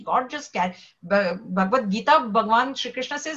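A woman, a spiritual teacher telling a devotional story in a lively way and acting out the characters' voices. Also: on the high side, moderate pace, muffled recording.

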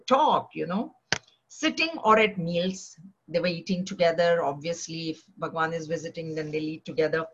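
A woman leading a verse-by-verse scripture class, chanting each verse slowly before explaining it in a loose, conversational way with frequent fillers. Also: lowish voice, muffled recording. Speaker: scripture teacher.

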